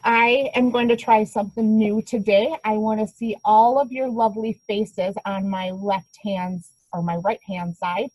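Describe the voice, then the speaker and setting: A woman's voice: medium pitch, steady tone, a little slow, few pauses, darkish tone, no room sound, poor audio. A woman instructor opening an online class over a video call, upbeat and chatty, a little scattered.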